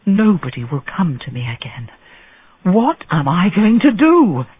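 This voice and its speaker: A man doing a frightened doctor, husky and anxious, muttering to himself. His lines come slowly and unevenly, rising and dropping. The sound is thin and tinny. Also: on the high side, sing-song, no echo, exaggerated voice. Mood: worried. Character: frightened male doctor, scheming.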